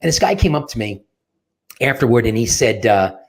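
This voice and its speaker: A middle-aged man coaching on sales and personal branding in a webinar pitch, talking informally, telling anecdotes and repeating phrases for emphasis. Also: big pitch swings, normal speed. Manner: tells anecdotes in a folksy, informal way.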